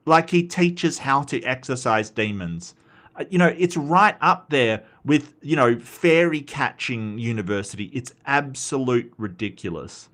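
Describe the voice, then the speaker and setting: A man's voice: on the high side, a bit bright. An Australian man hosting a casual commentary show, rambling and blunt, swearing freely and answering his chat. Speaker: commentary host.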